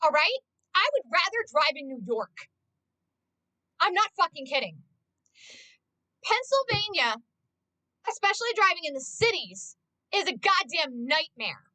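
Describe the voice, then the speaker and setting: A woman with a high, bright voice rants to her stream in casual chat. She swears freely and sounds exasperated. The recording is close and dry, with no room sound. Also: sing-song, a little slow, pauses often, no echo, low-quality recording. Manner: swears constantly, ranting and exasperated.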